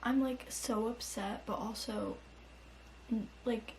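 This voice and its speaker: A young woman vlogging about a book series in a casual, animated way, swearing often and saying "like" constantly. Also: on the high side, slow. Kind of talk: casual reading vlog. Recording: faint background noise.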